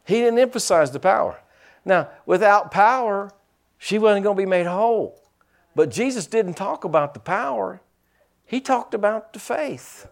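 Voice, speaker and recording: A middle-aged man preaching a sermon. His voice sits a little high and moves a lot in pitch. He mixes lively preaching with teasing asides. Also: normal speed, gravelly. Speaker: pastor.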